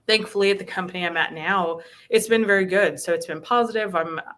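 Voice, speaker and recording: A woman speaks earnestly as a guest in an interview, sprinkling her talk with "um" and "you know". Her voice sits a little low yet sounds bright and forceful. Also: fast. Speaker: bank recruiter. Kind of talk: conversational interview.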